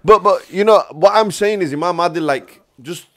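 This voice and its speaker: A man taking part as a guest scholar in a casual religious discussion, asking pointed questions and cutting in quickly. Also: high voice, a bit bright. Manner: quizzing, quick interjections.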